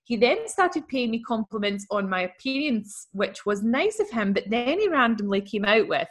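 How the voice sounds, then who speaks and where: A woman's voice: on the high side, very animated, normal speed, hardly any pauses. A woman who co-hosts a podcast, reading a listener's letter aloud in a chatty, wry way and laughing easily. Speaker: podcast co-host.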